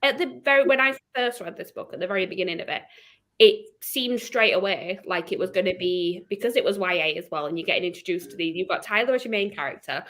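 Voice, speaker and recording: A woman's voice: fairly low pitch, fast talker, fairly bright tone. Chatty woman hosting a book chat. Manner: chatty, laughs often, asks the group questions. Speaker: host of a book livestream. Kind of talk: casual book club chat.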